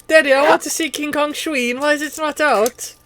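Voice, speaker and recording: A man voicing a naive little boy who pesters his father with questions in a high, whiny, childish voice. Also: fairly even intonation, moderate pace, sharp tone.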